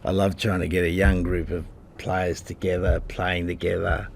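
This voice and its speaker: A man's voice: low-pitched, level tone, moderate pace, vocal fry, slight background noise. A man in his sixties from Australia, a rugby head coach answering at a press conference in a blunt, combative way, calling people mate.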